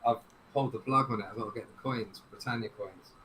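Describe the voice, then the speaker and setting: A man's voice: medium pitch, steady tone, quick pace, fairly bright tone, slight background noise, rough recording. A man chatting casually as a co-host, laid-back and dry. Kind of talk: casual chat.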